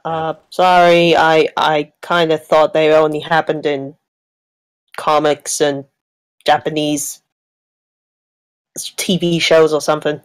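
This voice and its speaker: A woman's voice: low voice, level tone, slow pace, pauses often, clean tone. A woman playing in a tabletop game, speaking casually and hesitantly. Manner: hesitant, apologetic. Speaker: player.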